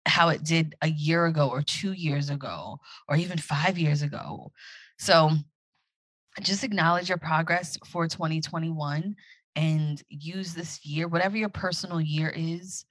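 A woman's voice: deep voice, normal speed, no echo. A woman hosting a podcast alone, chatting casually and reflectively as she encourages her listeners. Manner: acts out her own excited inner voice. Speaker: podcast host. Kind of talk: casual solo podcast talk.

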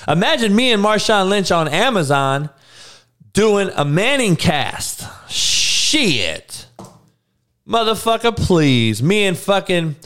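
A man talks in a loose, profane rant, his voice swinging high and low with lots of energy. He sits a little above a typical male pitch and keeps breaking into laughter between run-on thoughts. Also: smooth. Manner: profane, animated, laughing asides. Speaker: podcast host. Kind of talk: casual rant to audience.

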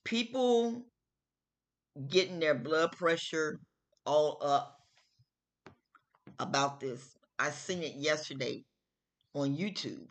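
A middle-aged woman with a low voice hosts her own show, sharing her opinions casually. She speaks slowly and emphatically in a chatty way, repeating her phrases.

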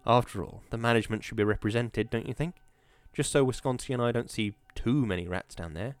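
A man's voice: mid-range voice, brisk, no echo, close to an everyday voice. A man reading the lines of a defiant, sarcastic young mill worker, with a cocky, mocking delivery.

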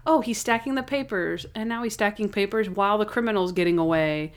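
A woman's voice: medium pitch, fairly quick. A young woman co-hosting a casual chat, recapping episodes in a chatty way. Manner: chatty, acts out scenes in voices.

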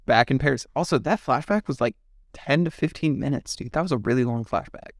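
A man's voice: medium pitch, fairly quick, no echo, studio quality. A man co-hosting a podcast, talking about a film in a laid-back, chummy way. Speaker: podcast co-host. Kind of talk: casual film discussion.

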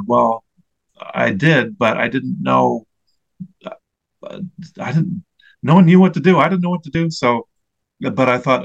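A man in his forties speaks as an interview guest, at an ordinary middle pitch. He recounts his own experience earnestly and reflectively, pausing to search for the right words. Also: vocal fry, highs cut off. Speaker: interview guest, mental health advocate. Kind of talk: personal storytelling in an interview.

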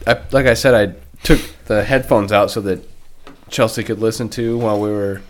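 A man's voice: on the low side, steady tone, normal speed, slight background noise. A young man co-hosting a casual podcast, joking and swearing through banter with friends. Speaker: podcast co-host. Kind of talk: casual chat.

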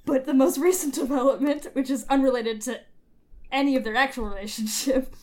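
A woman's voice: sits high, steady tone, fairly quick, darkish tone. A woman co-hosting a podcast, chatting casually in a gossipy, teasing way and laughing often. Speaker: podcast co-host. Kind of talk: casual chat.

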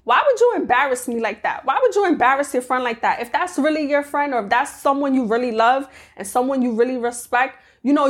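Animated young woman giving friendship advice. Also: on the high side. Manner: animated, acts out quoted friends in mocking voices. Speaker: podcast host. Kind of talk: casual advice monologue.

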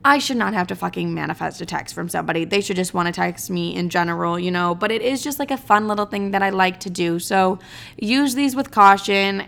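A woman's voice: medium pitch, quick pace, creaky, a bit bright. A young woman vlogging in casual chat, chatty and profane, mocking herself and saying "like" a lot.

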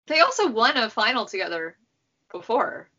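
A woman co-hosting a casual recap chat, animated and acting out quotes. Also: on the high side, moderate pace. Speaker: podcast co-host. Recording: dull lo-fi sound.

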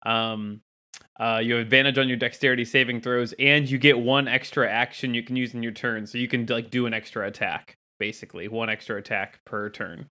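A man with a bright, forceful voice plays a tabletop role-playing game. He patiently walks the table through the rules, point by point. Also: mid-range voice, steady tone, a little fast. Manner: explanatory, rules-focused. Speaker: player.

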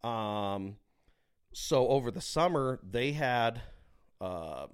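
A man co-hosting a podcast, telling a long story in a casual, animated way with plenty of swearing. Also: medium pitch, very slow, clear, resonant tone. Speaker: podcast co-host.

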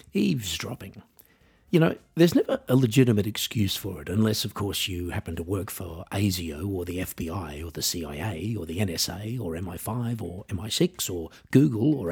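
A man's voice: sits low, lively intonation, moderate pace, vocal fry, a little mellow, husky. An Australian man hosting his own podcast, delivering a wry, self-deprecating scripted monologue. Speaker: podcast host and musician.

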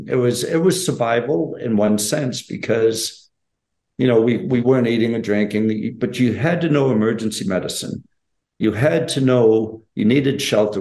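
An older man, a former special forces operator, telling a story in an interview in a measured, earnest, plainspoken way. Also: mid-range voice, a little mellow. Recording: roomy echo.

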